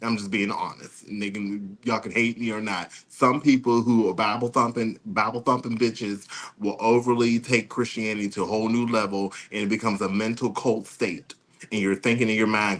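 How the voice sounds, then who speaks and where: Sassy man with animated gossip delivery. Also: lowish voice. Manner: animated, sassy, mocking impressions and singing bits. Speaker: podcast co-host. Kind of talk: casual commentary chat.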